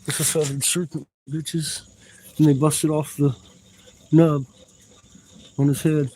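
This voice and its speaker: A man excitedly commenting on his finds in a dug pit outdoors, rambling and swearing as he goes. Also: on the high side, slow pace, slight background noise, poor audio. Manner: profane, rambling, bursts of excitement. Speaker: amateur researcher vlogging a dig.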